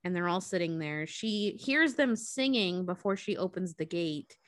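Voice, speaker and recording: A woman's voice: fairly low pitch, expressive, normal speed, dry recording. A woman casually retelling a story, breezy and profane, briefly acting out the characters' lines.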